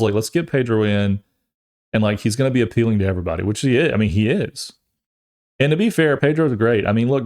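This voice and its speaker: A young adult man hosting a podcast, chatting casually and rambling, jokey and animated, often restarting his sentences. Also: lowish voice. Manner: animated, acts out quotes in funny voices. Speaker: podcast host. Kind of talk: casual chat.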